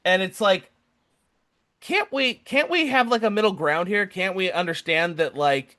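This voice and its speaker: A man's voice: high-pitched, normal speed. A young man co-hosting a podcast, ranting casually and acting out other people's lines. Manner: animated, acts out other people's lines in quoted voices. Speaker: podcast co-host.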